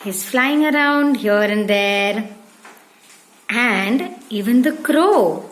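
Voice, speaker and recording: A woman preschool teacher narrating a story for young children, clear and gentle, speaking to them directly. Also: on the high side, animated, takes it slowly.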